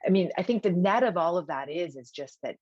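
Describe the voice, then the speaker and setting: A woman's voice: lowish voice, animated, a little fast, darkish tone, no echo, dull audio. A woman personal trainer talking energetically as a podcast guest, emphatic and full of "like" fillers and restarts. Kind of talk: conversational podcast interview.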